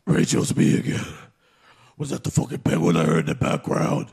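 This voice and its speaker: A man voicing a jealous, hotheaded male caped crusader who leaves ranting, swearing voicemails in a very gravelly growl. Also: a bass voice, big pitch swings, a little fast, a little mellow, heavily acted. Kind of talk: comedy voicemail sketch.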